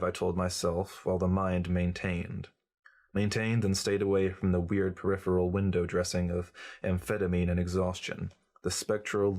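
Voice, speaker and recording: A man reading a short story aloud in a measured, wry first-person narration. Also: sits low. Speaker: reader. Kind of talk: audiobook narration.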